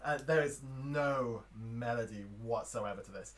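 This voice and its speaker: A man's voice: mid-range voice, unhurried. A man running a tabletop game as game master, narrating loosely with lots of fillers.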